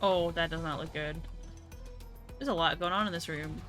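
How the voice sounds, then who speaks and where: A woman's voice: deep voice, steady tone, normal speed, fairly bright tone, faint music behind. A young woman streaming a game, chatting casually with her audience, swearing freely and laughing often. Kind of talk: casual let's-play chat.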